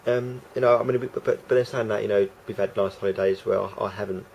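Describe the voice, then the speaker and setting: A man's voice: on the low side, steady tone, fast talker, gravelly, darkish tone, highs cut off, a little hiss or hum. A man rambling through a casual vlog monologue, hesitant and full of restarts and fillers. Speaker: vlogger.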